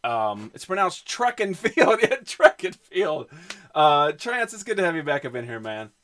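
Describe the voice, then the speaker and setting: A man's voice: fairly high pitch, very animated, unhurried, a bit bright. A man with a Southern US accent, chatting casually on a livestream and rambling through lots of fillers while he answers his chat. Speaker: streamer showing his comic collection.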